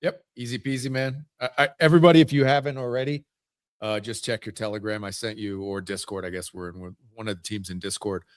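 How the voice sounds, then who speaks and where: A man speaks quickly and informally as he gives practical tips in a casual group audio chat. His voice sits a little low. The sound is dry. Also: fairly even intonation, no room sound.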